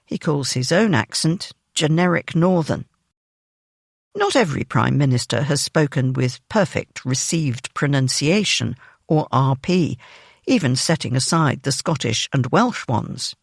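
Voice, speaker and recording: A news magazine narrator reads a written feature in a measured, even way. The pitch moves in a lively way through each sentence. The voice is recorded dry and close, with no room sound. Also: vocal fry, dry recording.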